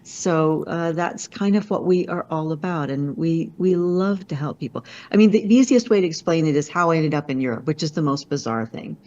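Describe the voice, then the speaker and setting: A woman with a low voice tells business stories in a lively, self-deprecating way, often joking at her own expense. She is a guest on a video call. The audio is dull and lo-fi. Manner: animated, self-deprecating storyteller with quick asides. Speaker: business consultant and speaker. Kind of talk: conversational storytelling interview.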